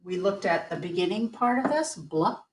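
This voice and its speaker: A woman teacher giving an online phonics lesson, patiently sounding out words slowly. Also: medium pitch, animated, background noise. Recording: echoey room.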